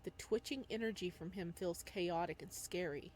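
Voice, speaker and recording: A woman playing a game, reading its narration aloud and reacting excitedly, talking back to the character. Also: on the low side, moderate pace, slight background noise. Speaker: game player.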